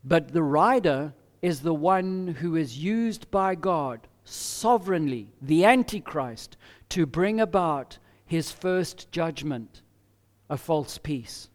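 A man preaching an expository sermon as pastor, measured and emphatic with deliberate pauses. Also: on the high side, lively intonation, long reverb tail.

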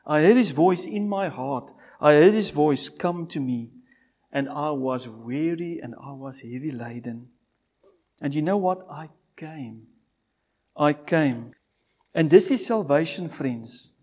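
An older man preaching a sermon and giving an altar call, pleading and repeating his phrases, swinging from loud cries down to near whispers. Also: a little high, lively intonation, takes it slowly.

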